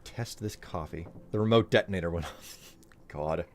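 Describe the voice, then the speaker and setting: A man's voice: low voice, moderate pace, darkish tone, a little hiss or hum. A man streaming live, chatting casually in a rambling, chuckling, self-deprecating way.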